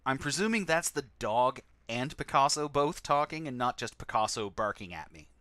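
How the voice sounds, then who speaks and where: A man's voice: mid-range voice, lively intonation, moderate pace, sharp tone, no room sound. A man casually commenting on a text adventure game he plays on stream, with sarcastic, wry asides.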